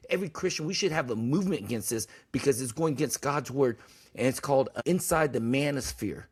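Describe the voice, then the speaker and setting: A man's voice: mid-range voice, fast, husky. A man hosting a podcast in casual talk, blunt and emphatic, preaching his points and swearing freely. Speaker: podcast host.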